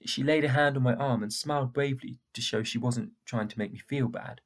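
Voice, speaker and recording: A man reading a first-person storybook aloud in a steady, plain way, with a husky voice. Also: mid-range voice, brisk. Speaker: audiobook narrator.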